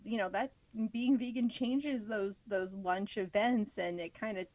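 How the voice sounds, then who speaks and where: A woman co-hosting a podcast, chatting in a relaxed way and adding short reactions. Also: medium pitch, a little slow, no room sound. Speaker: podcast co-host. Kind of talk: casual chat.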